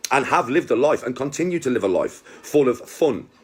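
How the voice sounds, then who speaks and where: A man's voice: medium pitch, big pitch swings, fairly quick. A man in his forties, telling a story to his viewers in a boastful, swearing, chatty way. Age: 40s. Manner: boastful, swears a lot, keeps checking in with viewers. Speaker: content creator. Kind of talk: casual storytelling to camera.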